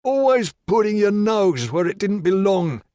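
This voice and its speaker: A man's voice: sits high, sing-song, measured pace, darkish tone, dry recording, studio quality, pitched above the performer's own voice. A man voicing a menacing male attacker who taunts his victim in an audiobook thriller. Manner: taunting, threatening. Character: menacing male attacker, a detective gone bad. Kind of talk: audiobook character voice.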